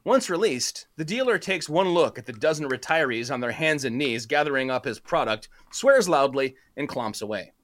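A man's voice: medium pitch, expressive, normal speed, hardly any pauses, a bit bright. Playful man reading a comedic story aloud. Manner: playful, laughs between lines. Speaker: narrator.

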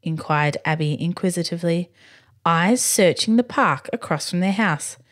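A woman reading a bedtime story slowly and expressively. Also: fairly low pitch. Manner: slow, expressive, gently animated. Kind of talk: scripted bedtime story narration.

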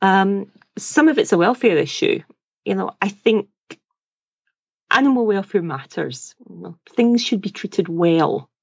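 A woman's voice: medium pitch, animated, a little slow, gravelly, husky, no room sound, muffled recording. A woman guesting on a podcast, speaking earnestly and forthrightly. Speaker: podcast guest, wool dyer. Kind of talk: interview.

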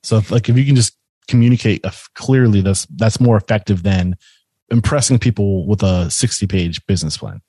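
A man hosting a webinar conversation, enthusiastic and a little halting as he talks. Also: on the low side, warm tone, husky, no echo. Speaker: podcast and webinar host.

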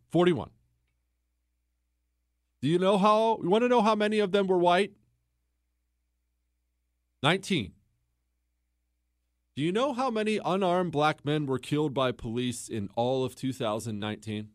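A man's voice: sits high, no room sound, studio quality. A man hosting a talk show, telling a story in an opinionated monologue full of rhetorical questions. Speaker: political podcast host.

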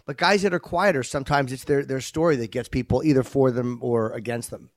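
A man co-hosting a podcast, reflecting aloud with halting, self-correcting speech. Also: mid-range voice, fairly even intonation, dry recording, clean studio sound. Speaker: podcast co-host. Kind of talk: podcast interview, casual.

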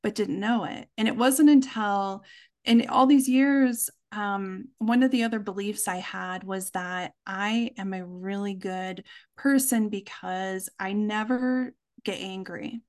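A woman, a mother, telling a personal story in a conversation, earnest and reflective, slowing down for emphasis. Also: mid-range voice, darkish tone. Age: adult with children. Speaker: podcast guest.

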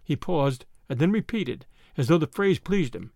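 Man reading a novel aloud, high voice, dry close sound. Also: animated, normal speed, gravelly, hardly any pauses, darkish tone, dry recording. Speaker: audiobook narrator. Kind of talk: scripted narration.

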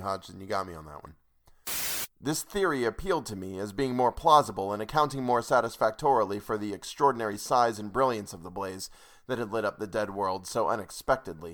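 An audiobook narrator reads aloud from his home recording setup, stopping to tell stories and to rant in exasperation at the author's punctuation and grammar. His voice is on the low side and a bit bright.

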